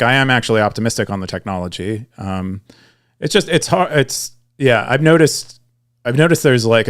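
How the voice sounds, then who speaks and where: A man's voice: mid-range voice, clear, resonant tone. A young man co-hosting a podcast, talking casually with frequent fillers and restarts. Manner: rambling, many restarts and fillers. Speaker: podcast co-host. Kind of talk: casual chat.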